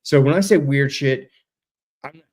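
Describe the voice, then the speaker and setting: A man's voice: medium pitch, a little slow. A man telling a story as a guest, casual and laid-back, over a video call. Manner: animated, laid-back, says dude a lot, swears. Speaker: interview guest.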